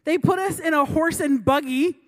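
A young woman giving a sermon keeps her voice high and her pace moderate. The sermon takes the form of an amusing personal anecdote, told chattily with self-mockery and laughter between lines.

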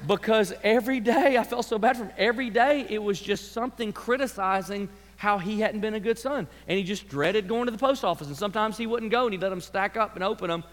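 High-voiced pastor in a reverberant hall. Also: male voice, fast talker, few pauses. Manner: animated, mimics people, repeats words. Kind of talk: sermon with comic asides. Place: church sanctuary.

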